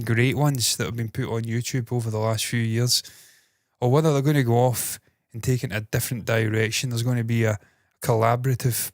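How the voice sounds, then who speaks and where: A man's voice: mid-range voice, no room sound. Male host with a put-on Scottish accent, mid-range voice, loose sweary commentary, slight chesty cough, dry room. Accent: mock Scottish, put on. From Britain. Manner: swears freely, rambling and enthusiastic. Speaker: entertainment news host. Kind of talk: casual news commentary.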